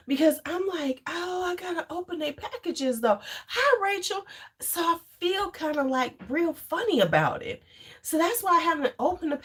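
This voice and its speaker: A woman hosting a casual livestream, rambling between topics, laughing often and chatting with her viewers. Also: high-pitched. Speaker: livestream host.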